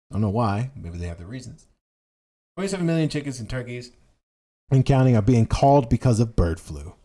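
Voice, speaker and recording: A political commentary streamer with a medium-pitched, darkish voice rants casually about politics and reads headlines out loud. He stumbles and restarts frequently, repeating phrases emphatically to hammer his points.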